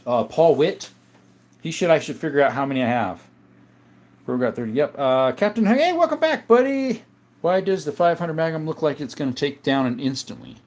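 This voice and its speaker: A man hosting a live stream in a casual chat style, reading out viewer comments and answering them in a relaxed, easygoing way. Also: fairly high pitch. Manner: relaxed, with frequent uh and um.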